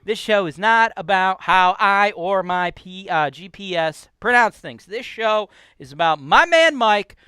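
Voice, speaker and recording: A man's voice: sits high, expressive, a little slow, hardly any pauses, pushed and bright, clear, resonant tone, no room sound. A man from Cleveland, Ohio with a Cleveland accent, hosting a real estate show in a brash, profane, ranting style. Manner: brash, profane, keeps asking "right?". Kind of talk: casual ranting vlog.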